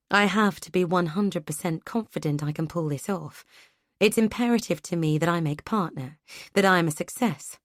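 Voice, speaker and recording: A woman with a voice on the low side narrates an audiobook in a measured, even reading. It is scripted narration, recorded as clean studio sound with no room sound.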